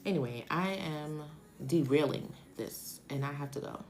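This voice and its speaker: A woman's voice: sits low, expressive, a little fast, a little hiss or hum, rough recording. A woman in her forties giving a casual, chatty tarot reading on a live stream, thinking aloud and wandering off topic. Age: 40s. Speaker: tarot reader.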